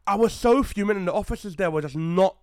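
A man's voice: sits high, fast, smooth, no room sound, studio quality. A young man on a casual podcast, retelling a story with heat and lots of swearing. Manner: animated, swears a lot, heated retelling. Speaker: podcast co-host.

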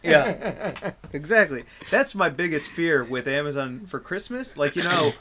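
A man hosting a podcast in casual chat, joking around and quick to laugh. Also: fairly high pitch, expressive, bright, forceful tone, slight background noise. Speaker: podcast host.

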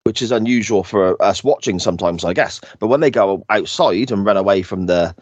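A man with a fairly low voice chats casually on a podcast, recapping scenes and slipping into quoted lines with easy laughter. The sound is dry and close to the mic. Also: brisk, no room sound, highs cut off. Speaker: podcast co-host. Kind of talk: casual chat recapping an episode.

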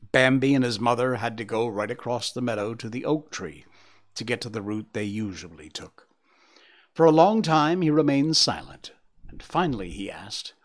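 A man narrating a storybook in a hushed, expressive reading that dips into near whispers. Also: fairly low pitch.

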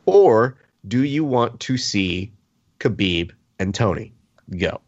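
A man hosting a sports podcast, leading the discussion in an expressive, playfully indignant way. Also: fairly low pitch, slow pace, highs cut off. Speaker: podcast host. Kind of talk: casual sports talk.

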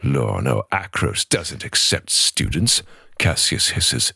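A man reading a dramatic first-person novel passage aloud in a measured, intense way on a podcast. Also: extremely low pitch, lively intonation, gravelly, a bit bright, dry recording, studio quality. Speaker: guest reader. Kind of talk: dramatic audiobook-style reading. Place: podcast studio.

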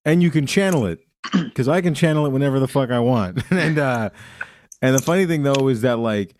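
A man's voice: medium pitch, fairly quick, darkish tone, a little hiss or hum. A man from Southern California, a podcast host telling profane, rambling stories with lots of laughter. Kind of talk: casual comedy chat.

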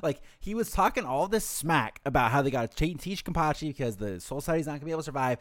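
A man co-hosting an anime rewatch podcast in casual chat, swearing freely and slipping into quick impressions of characters. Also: a little high, animated, dry recording, clean studio sound. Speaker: podcast co-host and editor.

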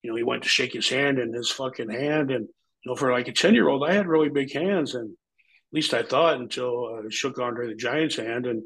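A man's voice: mid-range voice, moderate pace, fairly bright tone, husky, poor audio. A middle-aged man, a former pro wrestler, telling rambling, profane stories in an interview, acting out the voices of people he quotes. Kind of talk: casual anecdotal storytelling.

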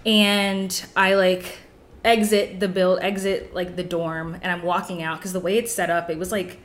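A woman's voice: fairly low pitch, flat delivery, normal speed. A young woman telling a rambling story on a podcast as a guest, packing her talk with "like". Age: young adult. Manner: rambling, fills with "like" constantly. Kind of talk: casual storytelling.

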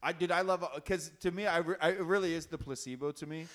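A man's voice: a little high, fairly even intonation, fast talker, a bit bright. A young man co-hosting a casual chat, joking and swearing, laughing often. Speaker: podcast co-host.

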